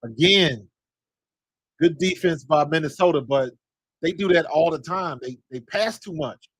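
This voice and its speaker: An excitable man calls a basketball game live as a fan, shouting advice and complaints at the players on screen. His voice sits a little high and sounds husky, and the sound is dry and close with no room echo. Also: measured pace. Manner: excitable, talks to players on screen, coaching and scolding. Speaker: fan commentator. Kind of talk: live watch-along commentary.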